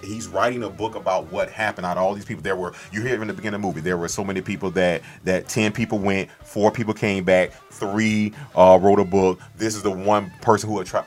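A man co-hosting a podcast, rambling excitedly about films, swearing often and breaking into loud impressions. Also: sits low. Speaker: podcast co-host. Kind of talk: excited film chat.

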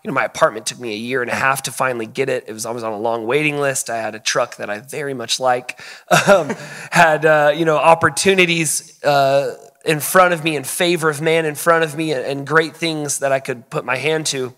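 Earnest bright-voiced man, reverberant room. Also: mid-range voice, fairly even intonation. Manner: earnest, laughs often, quick asides. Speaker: guest, missions school leader. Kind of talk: casual live-stream conversation. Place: indoor living room.

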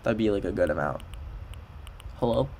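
At normal speed and medium pitch, with lively intonation, a young man from Canada keeps up casual chatter while livestreaming a video game. The talk is playful and filler-heavy, broken by bits of nonsense-syllable singing, with game music faintly audible.

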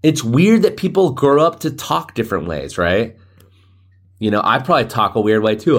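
A man's voice: medium pitch, sing-song, moderate pace. Guy rambling on his solo podcast, laughs a lot, voice bounces all over. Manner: rambling, joking, laughs often. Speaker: podcast host. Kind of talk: casual solo podcast monologue.

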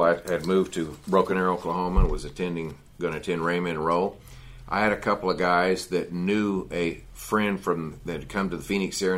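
A man's voice: sits low, a bit bright. A man teaching a men's Bible study in a folksy, conversational sermon style, often adding "you know" and "see".

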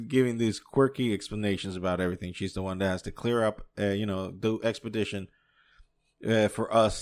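A man from New York hosts his own podcast and reviews a show in a loose, rambling way. He swears freely and keeps chuckling at his own asides. His voice sits on the low side. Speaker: podcast host. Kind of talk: casual solo show review.

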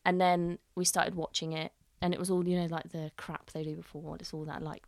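A woman's voice: on the low side, brisk, no echo. A young adult woman, a head chef, chatting casually and telling stories with acted-out quotes and the odd swear word. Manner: animated storyteller acting out quotes, swears freely. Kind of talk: casual podcast chat.

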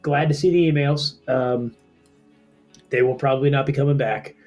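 A man's voice: mid-range voice, steady tone, normal speed, a little mellow, faint music behind. A man co-hosting a casual comedy podcast, rambling with restarts and laughing often. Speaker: podcast co-host and editor.

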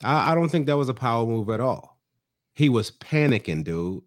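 Animated man recapping a show. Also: mid-range voice, moderate pace. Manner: animated, acts out other people's lines in shifting voices. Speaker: podcast co-host. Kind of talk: casual chat recapping a reality show.

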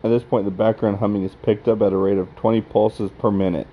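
Male reader for a horror log: low, mellow, plain matter-of-fact delivery. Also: little pitch movement, fast, breathy edge, rough recording. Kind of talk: reading a horror log aloud.

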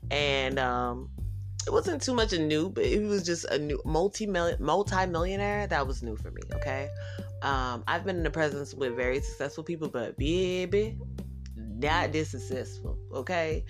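A woman's voice: deep voice, normal speed, faint music behind. A woman hosting her own podcast, telling a story in a casual, profane and sassy way, laughing often and acting out what people said. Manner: animated, laughing often, acting out quotes in other voices; profane, sassy, addresses listeners as y'all. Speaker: podcast host.

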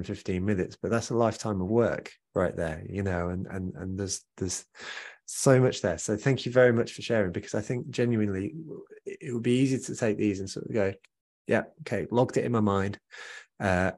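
A man hosting a webinar, thanking the guest in a rambling, warm way over a video call. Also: lowish voice. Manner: warm, rambling, repeats words. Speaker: webinar host.

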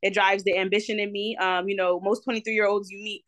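A woman in her twenties with a New Jersey accent, a guest telling her story in a lively, slangy, talkative way with plenty of ums. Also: medium pitch, fairly quick, no echo. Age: 20s. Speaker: guest entrepreneur. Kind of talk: casual interview.

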